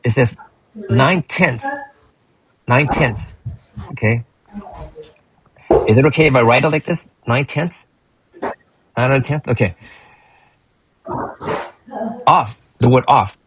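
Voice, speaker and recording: A man's voice: mid-range voice, unhurried, long pauses, fairly bright tone, slight background noise, rough recording. A man tutoring math and going over a student's work, encouraging and rambling, often restarting his sentences.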